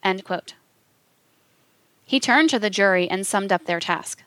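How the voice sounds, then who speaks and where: A woman delivers scripted documentary narration at an even, measured pace, reading each passage with formal care. Her voice sits at a middling pitch. The sound is close and dry, with no room around it. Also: dry recording. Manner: measured, reads quotations aloud with formal announcements.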